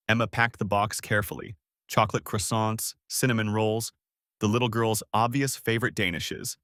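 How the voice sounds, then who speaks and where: A man narrating a heartwarming family story in a smooth, scripted storytelling manner. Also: on the low side, moderate pace, fairly bright tone, dry recording, clean studio sound.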